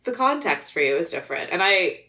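A woman's voice: fairly low pitch, sing-song, a little fast, sharp tone. A woman hosting a casual movie review podcast, breezy and full of filler "like"s as she runs the segment. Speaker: podcast host.

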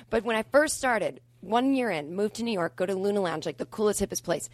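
A woman comedian in casual podcast chat, telling self-deprecating stories with quick banter. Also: mid-range voice, expressive.

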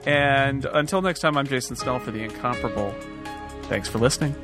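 A man's voice: mid-range voice, a little fast, loud music behind the voice. A man hosting a podcast, chatting casually over a voice call and trailing off with fillers. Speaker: podcast host. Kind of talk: casual chat. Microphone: computer mic on a voice call.

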